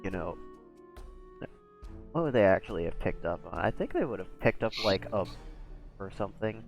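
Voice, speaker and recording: Laid-back low-voiced male game master. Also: big pitch swings, moderate pace, soft background music. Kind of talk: narrating a tabletop game.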